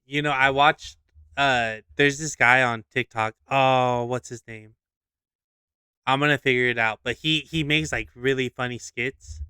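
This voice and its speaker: A young man chatting casually on a podcast, animated and quick to slip into voices when retelling a skit. His voice is bright and crisp. The recording is dry and close. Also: mid-range voice, no echo. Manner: animated storyteller, acts out skits with voices. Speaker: podcast co-host. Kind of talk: casual chat.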